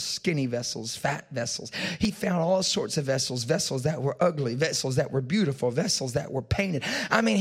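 A preacher telling a parable-like story in a sermon, with repetition and dramatic swings in loudness. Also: male voice, a little high, breathy edge.

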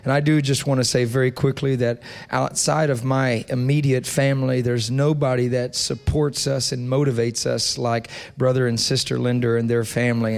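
A young adult man preaching a sermon in a church, leading the congregation in call and response and building to loud prayer. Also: medium pitch. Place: church sanctuary.

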